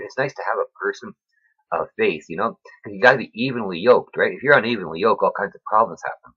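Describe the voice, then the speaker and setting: A man talking to his viewers about faith in a rambling, preachy way, keeps asking "right?", and his voice swings between loud and soft with emotion. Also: lowish voice, fast talker, slightly rough, lo-fi sound. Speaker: vlogger. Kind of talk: rambling faith talk to camera.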